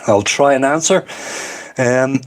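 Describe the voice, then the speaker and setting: A man's voice: mid-range voice, slow. A man with an Irish accent, hosting a casual livestream and chatting loosely as he reads comments aloud, rambling and laughing often. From Ireland. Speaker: livestream host.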